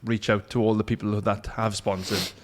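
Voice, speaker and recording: Male co-host, lowish voice, earnest casual chat, reverberant sound. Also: little pitch movement, moderate pace. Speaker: podcast co-host.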